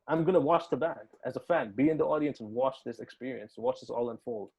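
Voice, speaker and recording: A man's voice: mid-range voice, fast, husky, lo-fi sound. A man in a casual interview, telling a story with lots of swearing and acting out the dialogue. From United Arab Emirates. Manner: animated, swearing, acts out quoted dialogue. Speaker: musician guest.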